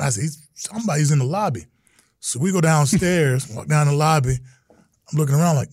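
A middle-aged man, a guest in an interview, telling stories in a lively way and acting out the quotes. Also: on the high side, fairly quick, no room sound, clean studio sound. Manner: animated storyteller, acts out quotes, exclamations. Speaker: interview guest, retired football player. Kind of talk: casual interview storytelling.

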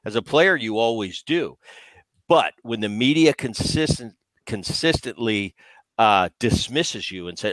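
A man's voice: mid-range voice, animated, normal speed, a bit bright, dry recording. A man co-hosting a baseball podcast, a former player who talks in a casual, emphatic way and often repeats himself as he restarts. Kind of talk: casual sports talk.

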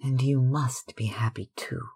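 A man's voice: fairly high pitch, slow, slightly rough, pitched above the performer's own voice, full character voice. A man reading aloud, voicing a young girl in love in a raised, breathless, pleading tone. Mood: giddy, lovestruck.

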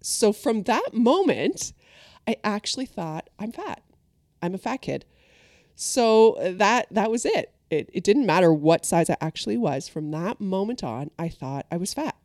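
A woman's voice: mid-range voice, normal speed, no room sound, clean studio sound. A woman in casual conversation, animatedly telling a childhood story and acting out what people said. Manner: animated storyteller, acts out quotes.

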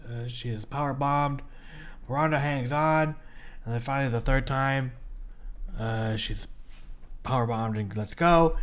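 Man, podcast co-host, slightly higher voice, blunt casual play-by-play recap. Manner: blunt, rapid play-by-play narration. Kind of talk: casual recap of a wrestling match.

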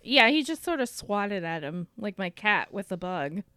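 A woman in casual chat, giggly and quick to joke along. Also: medium pitch, very animated, bright, forceful tone, no echo, studio quality. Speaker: podcast co-host.

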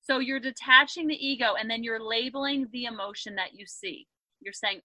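Upbeat bright-voiced woman parenting coach. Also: a little high, a little fast, no echo, poor audio. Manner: upbeat, animated storytelling with acted quotes. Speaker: parenting coach and podcast guest. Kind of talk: conversational interview.

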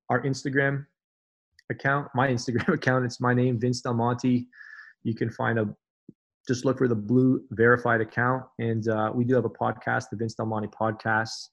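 A man guesting on a podcast as a fitness business coach, talking in an emphatic, motivational way and repeating phrases for effect. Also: mid-range voice. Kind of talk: conversational interview.

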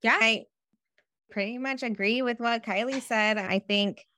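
A woman's voice: on the high side, measured pace, bright, forceful tone, a little hiss or hum. A woman guest, a business owner and mother, speaking openly and heartfelt in a candid interview over a call. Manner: heartfelt, open, slightly giggly.

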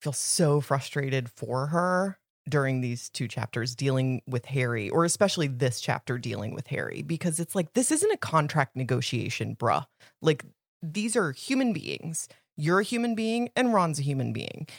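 A woman's voice: low-pitched, very animated, normal speed, creaky, no room sound, clean studio sound. Chatty, opinionated woman podcast co-host. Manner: chatty, opinionated, heavy use of "like". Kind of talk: casual book discussion.

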